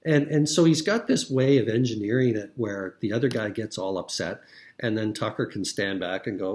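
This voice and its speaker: A man's voice: lowish voice, moderate pace, a little mellow. A middle-aged man giving casual political commentary, rambling with frequent fillers and restarts.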